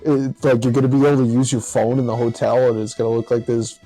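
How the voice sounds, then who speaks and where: A man's voice: mid-range voice, little pitch movement, fast, dark tone, soft background music, poor audio. A man in a casual group chat, rambling with lots of filler words. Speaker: podcast co-host.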